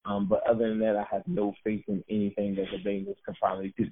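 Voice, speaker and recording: A man with a somewhat low voice breaks down football matchups on a podcast. He rambles casually and pokes fun at himself. The sound is thin and phone-like. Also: flat delivery, fast talker, slight background noise. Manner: loose, chatty and self-mocking, laughs easily. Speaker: podcast co-host. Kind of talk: casual sports podcast chat. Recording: tinny phone-like line.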